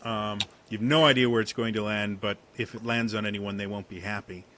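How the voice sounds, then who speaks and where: A man narrating a tabletop game as game master, in a casual, halting way with many fillers. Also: fairly low pitch, steady tone, a bit bright, slight background noise.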